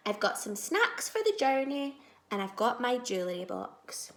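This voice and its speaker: A woman teacher reading a children's storybook aloud, expressive, moving between soft asides and loud moments. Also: medium pitch, measured pace, creaky, echoey room, a little hiss or hum.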